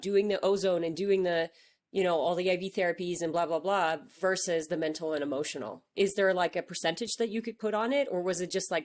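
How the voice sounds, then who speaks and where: A woman's voice: fairly low pitch, darkish tone. A woman doctor hosting a podcast interview, chatty and affirming, asking long rambling questions. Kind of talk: conversational interview.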